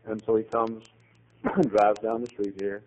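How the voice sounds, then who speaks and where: Male pastor, folksy rambling sermon storyteller with loud climaxes. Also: fairly low pitch, flat delivery, measured pace, rough recording.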